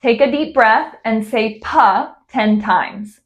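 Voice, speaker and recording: A woman speech therapist from California, guiding articulation drills slowly with careful, over-articulated speech. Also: a little high, muffled recording. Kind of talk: instructional exercise guide.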